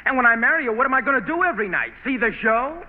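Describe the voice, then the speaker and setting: Frustrated young fiancé, highish lively voice, tinny old radio. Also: male voice, very fast, long reverb tail. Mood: exasperated. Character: devoted, exasperated young male fiancé. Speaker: suitor. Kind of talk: 1930s radio acting.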